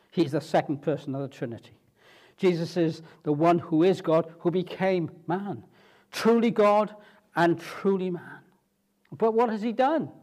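A man preaching a sermon, rising to emphatic peaks and dropping low at phrase ends, with frequent rhetorical questions. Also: darkish tone.

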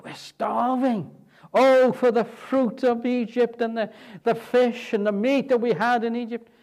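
A man's voice: very high voice, steady tone, unhurried, a little mellow, voice pushed up. A man preaching who puts on the whining voices of complaining, hungry wanderers. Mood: whiny. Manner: whining, moaning. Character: crowd of grumbling hungry wanderers, whiny.

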